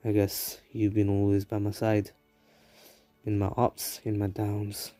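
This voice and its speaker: A man's voice: on the low side, animated, a little slow, darkish tone, husky, dry recording, faint music behind. A man voicing a slangy, blunt teenage ninja. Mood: tender. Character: teenage ninja boy, dazed then fed up.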